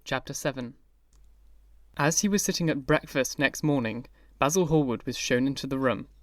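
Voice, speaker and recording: A man narrating a classic novel audiobook in a measured, even reading style. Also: medium pitch, dry recording, clean studio sound, recorded from a distance. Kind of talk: scripted narration.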